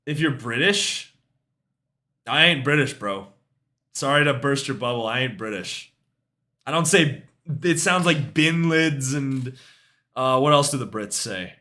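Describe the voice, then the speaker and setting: A man's voice: medium pitch, expressive, a little slow, long pauses, bright, forceful tone. A young man streaming music reviews in casual chat, laid-back, swearing freely and trailing off with shrugging asides.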